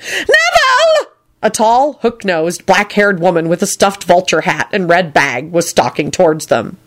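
A woman narrating a story aloud in an expressive storytelling manner. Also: fairly low pitch, normal speed.

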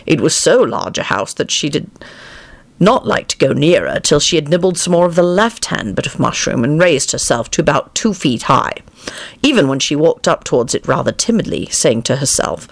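A father reads a bedtime story with a gravelly, creaky voice that rises and falls a lot. His telling is gentle and unhurried. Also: on the high side.

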